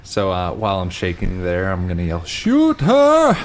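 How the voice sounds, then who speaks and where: A man's voice: sits low, level tone, a little fast, a little hiss or hum. A man playing a tabletop role-playing game, talking plainly and matter-of-factly. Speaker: player. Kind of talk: casual tabletop play.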